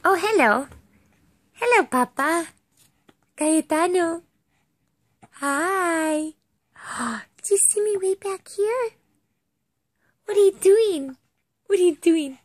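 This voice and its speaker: A woman's voice: extremely high pitch, lively intonation, slow, long pauses, no room sound, studio quality. A young mother cooing to her baby in playful, amazed baby talk.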